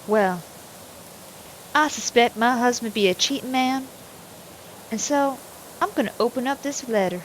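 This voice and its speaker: Woman streamer reading game text real slow, dry wry comments, hissy noisy mic. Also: a little high.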